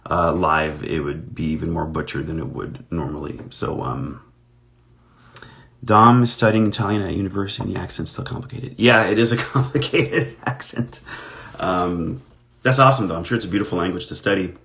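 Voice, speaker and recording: A man's voice: low-pitched, moderate pace, gravelly, a bit bright. A man, an actor, chatting casually on a live stream while signing autographs, telling anecdotes in a self-deprecating way.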